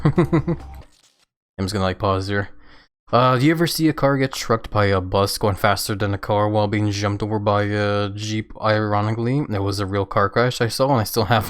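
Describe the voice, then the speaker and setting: A man casually commenting on a racing game as he streams, laid-back and laughing often, with hiccups. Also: on the low side.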